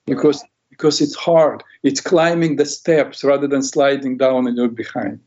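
A man's voice: mid-range voice, normal speed. A man telling stories to make a point in casual talk, acting out the voices of the people in them. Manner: animated storyteller who acts out quoted voices. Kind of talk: conversational teaching with stories. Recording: dull lo-fi recording.

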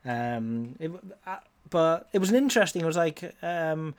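A man's voice: medium pitch, quick pace, a little mellow. A middle-aged man hosting a podcast, talking in a casual, rambling way with many fillers and restarts. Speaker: podcast host.

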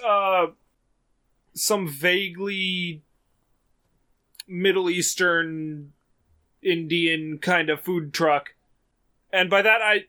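A man's voice: on the high side, sharp tone. A young man in casual chat, telling a story animatedly and swearing freely. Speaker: podcast co-host telling a story.

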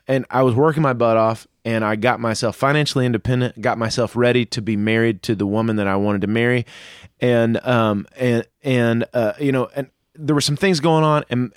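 A man's voice: mid-range voice, no echo, studio quality. A man and father co-hosting an advice talk, earnestly telling a personal story with many fillers. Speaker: co-host, a father.

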